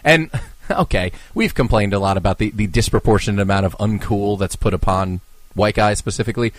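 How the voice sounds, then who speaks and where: A man from New Jersey co-hosting a casual podcast chat, joking and bantering, quick to curse. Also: fairly low pitch, dry recording. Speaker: podcast co-host.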